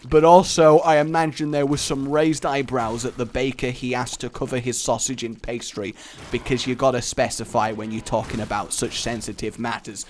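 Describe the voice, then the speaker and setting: A man's voice: medium pitch, flat delivery, moderate pace, slight background noise. A young English man hosting a gaming video, telling a rambling, jokey story while he plays. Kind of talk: let's play commentary.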